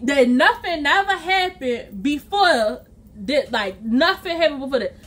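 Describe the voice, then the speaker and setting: A woman vlogger telling a storytime tale, animated and chatty, acting out quotes and sound effects. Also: high voice, a little slow. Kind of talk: storytime vlog.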